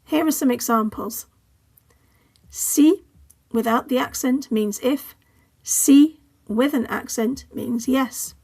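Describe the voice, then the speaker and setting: A woman with an English accent, a languages teacher narrating a scripted lesson in a clear, measured way and carefully modelling example words. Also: fairly high pitch, a little mellow.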